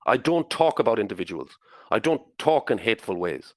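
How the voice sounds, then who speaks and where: An Irish man hosting a podcast, giving a blunt, opinionated monologue in halting speech that repeats words and swears. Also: lowish voice, big pitch swings, no echo. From Ireland. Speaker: podcast host.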